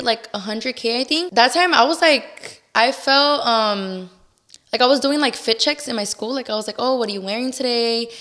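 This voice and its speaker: A woman's voice: on the high side, fairly bright tone. Chatty young woman telling a story. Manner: chatty, lots of "like" fillers, acts out quoted lines. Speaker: guest. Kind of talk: casual storytelling interview.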